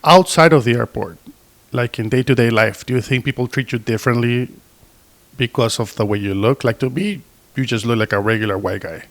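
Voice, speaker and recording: A man's voice: mid-range voice, a little fast. A man hosting a podcast, asking curious questions in a casual interview. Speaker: podcast host.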